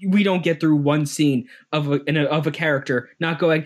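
A man co-hosting a casual movie-review chat, voice sitting a little high. He rambles, restarts and fills gaps with "like" and "um," laughing often between points. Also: steady tone, normal speed. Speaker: podcast co-host.

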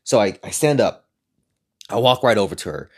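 A man's voice: lowish voice, moderate pace, breathy edge. Rambling, profane young man telling stories. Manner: rambling, profane, animated when retelling. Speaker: speaker sharing personal stories. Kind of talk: casual storytelling monologue.

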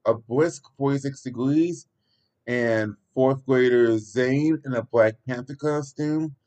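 A man with an ordinary mid-pitched voice narrates a story aloud. The reading is halting, with small slips and restarts, like an amateur recording. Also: darkish tone, poor audio.

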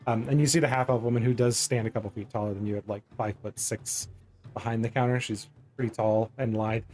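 A man's voice: mid-range voice, steady tone, fast, darkish tone, faint music behind. A man narrating as game master in a tabletop game, loose and rambling with frequent ums.

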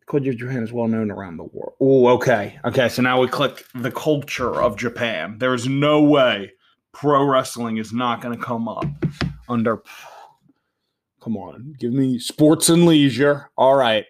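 A man hosting a show, casually talking himself through a game, swinging between loud outbursts and quiet muttering. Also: mid-range voice, a little slow. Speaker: podcast host. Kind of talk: casual live commentary while playing a game.

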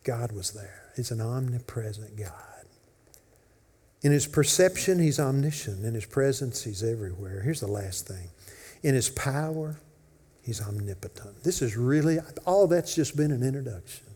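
A husky-voiced pastor delivers a sermon in a church sanctuary. He swings between ringing, emphatic declarations and hushed whispers, and his voice trails off into the long reverb of a large hall. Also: mid-range voice, animated, moderate pace.

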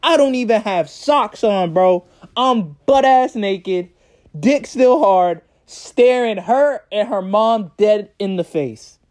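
A young man telling a story in a casual vlog, animated and profane, often breaking into laughter. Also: high voice, takes it slowly. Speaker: vlogger.

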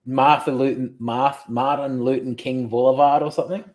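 A man's voice: medium pitch, steady tone, darkish tone. A man with an Australian accent, joking through casual podcast chat with fellow collectors. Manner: joking, quick banter. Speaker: podcast host.

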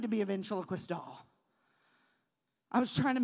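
A woman preacher telling a childhood story in a sermon, moving between soft storytelling and loud preaching. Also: medium pitch, animated, fairly quick, pauses often, big-room sound.

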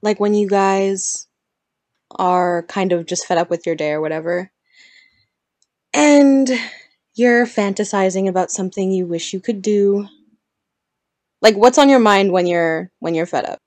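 A woman's voice: medium pitch, a little slow, pauses often, darkish tone, no echo. A young woman chatting with friends in a dry, matter-of-fact way. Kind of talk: casual chat among friends.

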